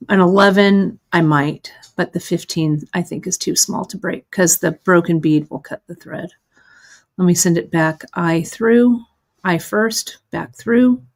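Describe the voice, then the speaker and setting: A middle-aged woman demonstrating beadwork live, chatty and self-deprecating as she talks through her own mistakes while she works. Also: fairly low pitch. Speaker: beading instructor.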